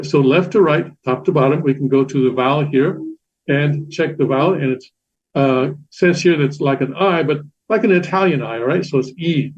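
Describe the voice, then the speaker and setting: A man gives a patient lecture in a slightly raised voice, often restarting his sentences and filling the pauses. The recording sounds dull and lo-fi. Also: on the high side, a little mellow. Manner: patient, repetitive, many fillers and restarts. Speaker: teacher. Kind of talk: classroom lecture explaining Korean letters.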